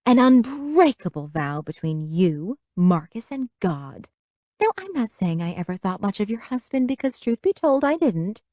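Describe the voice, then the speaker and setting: Narrator playing a devout, lecturing middle-aged mother, lively, preachy, in a dry audiobook read. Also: mid-range voice, normal speed, no room sound, voice pushed up, natural voice. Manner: lecturing, instructive, finger-wagging.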